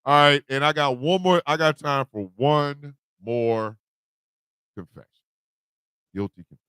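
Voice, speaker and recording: A man hosting a morning radio show, telling comic confessions with put-on voices and loud, laughing bursts. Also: a little high, a little slow, pauses often, smooth, no room sound. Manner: animated storytelling with put-on voices. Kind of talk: comedic radio monologue.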